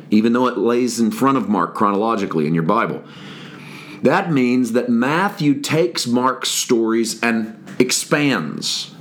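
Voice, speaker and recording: A man's voice: mid-range voice, a bit bright. Man teaching scripture on a podcast. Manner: reflective, explanatory, reads scripture aloud. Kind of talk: devotional bible teaching.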